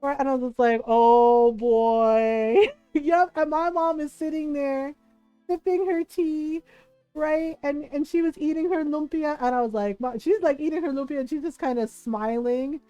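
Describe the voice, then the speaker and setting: A high-pitched woman chats casually while streaming a game, laughing often and peppering her stories with "like." Her voice sits dry and close, with soft music playing low behind her. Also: moderate pace, dry recording, lo-fi sound. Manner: animated storyteller, laughs often, many "like" fillers.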